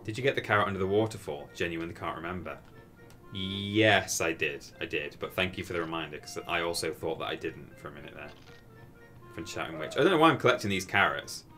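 A man's voice: low voice, expressive, a little fast, bright, forceful tone, soft background music. A man chatting casually while streaming a video game, rambling and amused as he tells stories. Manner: rambling, self-amused storytelling. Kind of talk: casual gameplay commentary.

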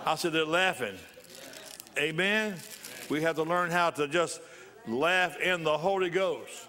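A pastor preaches in a church, his voice sitting a little higher than most men's. He drives points home by repeating his phrases and breaks into hearty laughter as he urges joy. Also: unhurried, sharp tone. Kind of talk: sermon.

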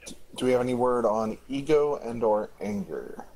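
A man leading a game raid over voice chat on a new microphone, brisk and organizing. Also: mid-range voice, lively intonation, warm tone, a little hiss or hum, poor audio. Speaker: raid leader. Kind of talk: online gaming voice chat. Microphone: new headset microphone.

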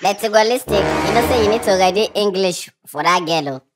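A performer voicing an eager young boy sidekick with an excitable cheering manner. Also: high voice, brisk, over loud music, close to an everyday voice. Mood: giggly.

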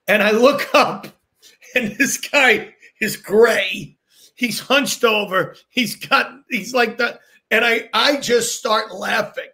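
Man, high bright voice, animated storyteller, casual chat, acts out quotes. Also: slow pace, creaky. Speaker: comedian guest.

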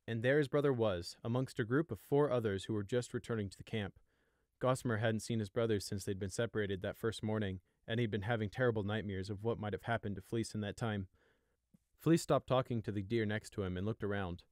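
A man's voice: lowish voice, fairly quick, no room sound, studio quality. Man narrating a storybook. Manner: steady, even storytelling. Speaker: audiobook narrator.

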